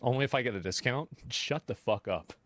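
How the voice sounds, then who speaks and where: A man streaming live, reacting to videos with animated, exasperated asides. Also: medium pitch, a little fast, no room sound.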